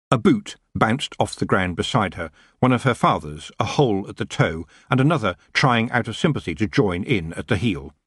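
A man narrating a fantasy audiobook in a lively storytelling manner. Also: lowish voice, moderate pace, hardly any pauses, slightly rough, dry recording, studio quality. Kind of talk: scripted narration.

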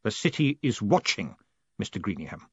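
Vetinari, a man voicing a cold, calm ruler. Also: lowish voice, breathy edge, no room sound, dull audio. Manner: measured, precise, quietly menacing. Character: cold, calm, commanding male city ruler.

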